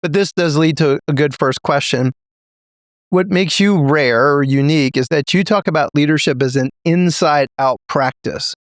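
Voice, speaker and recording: A man's voice: on the high side, normal speed, no echo. A man hosting a podcast interview, earnest and appreciative as he sets up his questions. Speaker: podcast host.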